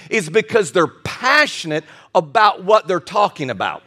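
Pastor, man, high voice; excitable sermon delivery, folksy and joking, stammery restarts. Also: moderate pace, hardly any pauses. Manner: energetic and animated, with frequent stammered restarts and bursts of loud emphasis; folksy and humorous with the congregation. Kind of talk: sermon with personal stories. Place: church service.

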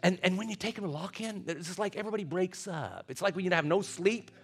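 A middle-aged man preaching a sermon in an animated way, often stammering over repeated words and laughing. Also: sits high, quick pace, husky. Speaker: pastor.

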